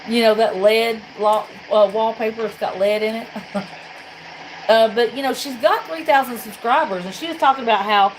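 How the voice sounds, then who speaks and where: A woman's voice: a little high, normal speed, noisy background. Chatty woman with a Tennessee drawl. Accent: Southern US, Tennessee. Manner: chatty, blunt, swears casually. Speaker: livestream host. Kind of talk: casual livestream chat.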